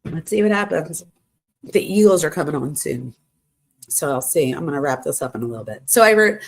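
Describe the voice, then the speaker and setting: A woman's voice: fairly low pitch, normal speed. Exasperated woman reading texts aloud. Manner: animated, exasperated asides to viewers. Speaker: true crime commentator.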